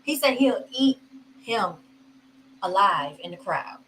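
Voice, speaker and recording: A woman's voice: medium pitch, lively intonation, slow, a bit bright, a little hiss or hum, rough recording. A woman hosting a casual commentary vlog, chatty and laughing, talking straight to her viewers. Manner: chatty, addresses viewers as y'all, laughs often. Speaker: host commenting on video clips.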